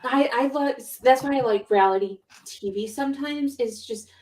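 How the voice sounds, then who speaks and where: A woman co-hosting a podcast in casual chat, telling stories in a rambling, excitable way full of fillers. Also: high voice, normal speed. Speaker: podcast co-host. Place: home.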